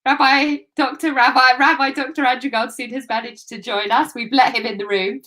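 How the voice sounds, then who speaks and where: A woman's voice: high voice, steady tone, a little fast, a bit bright. A woman hosting a live video call, reading out tributes and keeping things moving.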